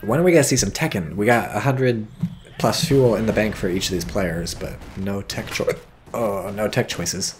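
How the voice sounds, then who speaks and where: A man's voice: on the low side, moderate pace, slight background noise. A man casually commentating a strategy game match, with a dry, rambling manner and hiccups, reading viewer chat aloud. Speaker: game caster.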